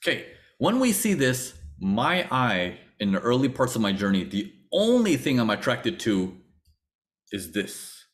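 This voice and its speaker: Medium in pitch and a little slow, a man's voice carries a trading webinar lecture. He narrates his own story animatedly, voicing what he used to think and repeating certain phrases.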